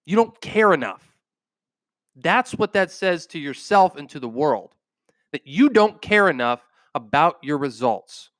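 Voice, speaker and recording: A man's voice: a little high, very animated, a little slow, a bit bright, dry recording, clean studio sound. Fired-up man giving a motivational talk. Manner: intense, emphatic, repeats phrases for punch. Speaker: podcast host. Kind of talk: motivational podcast monologue. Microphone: microphone.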